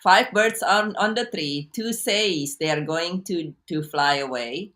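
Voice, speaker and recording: A woman coach talking as an interview guest on a video call, halting with many restarts and repeats as she teaches through a story. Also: lowish voice, fairly bright tone. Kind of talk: casual interview talk.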